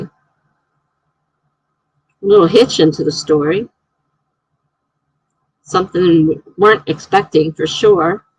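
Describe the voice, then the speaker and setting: A woman's voice: fairly low pitch, gravelly, slightly rough, dry recording, rough recording. A woman hosting a casual writing livestream. She chats, laughs often, thinks aloud and reads viewer comments out.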